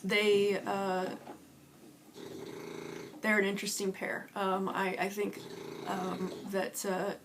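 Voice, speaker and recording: Hesitant female vlogger, unhurried casual chat, noisy home recording. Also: mid-range voice, monotone. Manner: hesitant, many ums and restarts, soft laughs. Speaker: doll collector vlogger. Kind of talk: casual chat about her doll characters. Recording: audible background noise.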